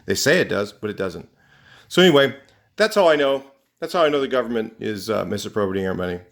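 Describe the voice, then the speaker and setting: A man's voice: on the low side, lively intonation, fast, gravelly. A man from California talking in a casual, rambling rant to camera, indignant, with lots of fillers and restarts. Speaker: vlogger. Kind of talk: casual ranting monologue to camera.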